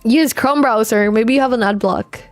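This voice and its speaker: A woman's voice: a little high, normal speed, dry recording, faint music behind. A young woman from the Philippines, chatting casually and swearing freely while she streams a game. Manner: loose and chatty, swears freely, heavy use of filler "like". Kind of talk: casual livestream chat while gaming.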